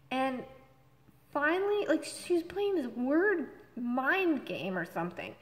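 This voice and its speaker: A woman's voice: sits high, sing-song, slow pace, in a large hall. A woman vlogger ranting in exasperation, retelling a quarrel with acted quotes. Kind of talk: exasperated rant.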